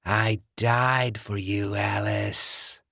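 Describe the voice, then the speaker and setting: A man voicing a rotting undead ex-boyfriend with a croaking, death-rattle voice, slow and menacing. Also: fairly low pitch, level tone, sharp tone, no echo, clean studio sound, heavily acted. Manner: slow, drawn-out, sing-song menace.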